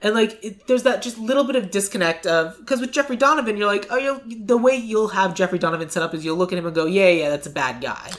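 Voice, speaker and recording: A podcast host in casual chat, talking loosely with lots of "like" and quick acted-out quotes. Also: medium pitch, expressive, a bit bright. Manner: chatty, fills speech with "like", acts out quick quotes.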